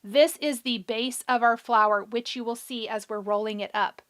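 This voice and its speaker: A woman with a high, bright voice hosts a live craft tutorial, talking through each step as she works and answering viewers as their comments come in. She sounds chatty and encouraging, and her voice is a little hoarse. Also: steady tone, moderate pace. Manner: chatty, encouraging, thinks aloud while working. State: a bit hoarse. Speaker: craft show host.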